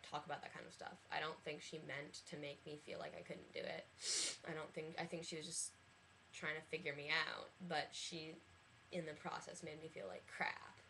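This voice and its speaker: Young woman, low creaky voice, casual vlog rant, chatty, lots of likes, faint hiss. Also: a bit bright. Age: 20s. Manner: chatty, many likes and restarts. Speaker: college student vlogger.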